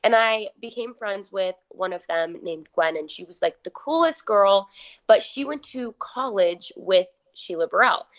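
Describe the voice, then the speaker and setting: A young woman guest in her twenties, a little hoarse, chatting casually with lots of "like" fillers. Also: medium pitch, animated, measured pace, highs cut off. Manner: chatty, filler-heavy, uses "like" a lot. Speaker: guest athlete. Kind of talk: casual interview chat.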